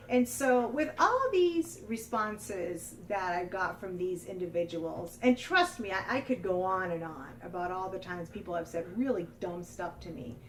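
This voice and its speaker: A woman's voice: medium pitch, far from the mic, poor audio. Candid woman vlogger telling stories, faint noise under the voice. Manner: candid, animated, mimics others in quotes. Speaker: lifestyle vlogger. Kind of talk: casual storytelling monologue.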